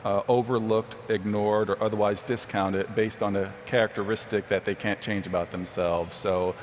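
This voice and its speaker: A man from New Jersey moderates a conference panel with a low, steady voice. He talks in a measured way, sprinkling "uh" between his thoughts. The sound carries a long hall reverb and a faint hiss. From New Jersey, USA. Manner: measured, many "uh" fillers.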